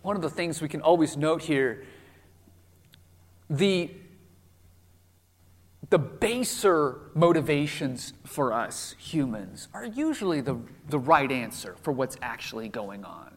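A man preaching a sermon, telling the story with animated acted-out quotes. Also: fairly high pitch, slow, pauses often. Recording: long hall reverb.

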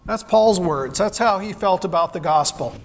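A man's voice: high-pitched, expressive, moderate pace, long reverb tail. A man giving a sermon to his church, earnest and full of rhetorical questions. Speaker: church speaker.

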